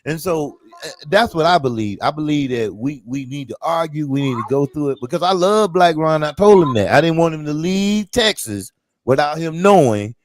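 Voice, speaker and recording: A man's voice: fairly high pitch, animated, normal speed, no room sound. A man in casual banter, animatedly telling a story with laughter and acted-out quotes.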